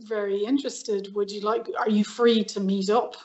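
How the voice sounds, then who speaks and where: A woman's voice: mid-range voice, moderate pace. An Irish woman, a guest on a podcast, telling stories in a casual chat and acting out the dialogue. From Ireland. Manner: lively storyteller who acts out quoted dialogue. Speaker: podcast guest, actress and violinist. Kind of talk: casual storytelling interview.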